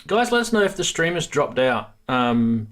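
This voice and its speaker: A man's voice: medium pitch, sing-song, normal speed, a bit bright. Casual male livestream host, talkative, swears offhand, laughs a lot.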